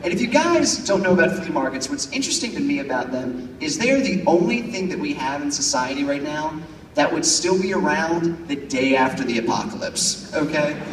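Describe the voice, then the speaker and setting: A young man performing a stand-up comedy set before a big crowd, animated and bursting into shrill shouted voices for his bits. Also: brisk, a little hiss or hum. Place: large campus auditorium before a crowd. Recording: echoey hall recorded from far off. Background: audience laughter.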